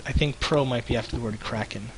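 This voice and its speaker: A man's voice: medium pitch, fast, very noisy. A man from Canada hosting a casual live stream, loose and jokey, laughing often. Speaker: show host.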